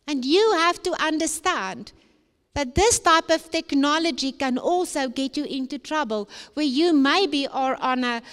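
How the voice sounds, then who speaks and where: A woman giving an emphatic, preacher-like talk to young people at a conference. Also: sits high. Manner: emphatic, repetitive preacher-like phrasing. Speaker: conference speaker. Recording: long hall reverb.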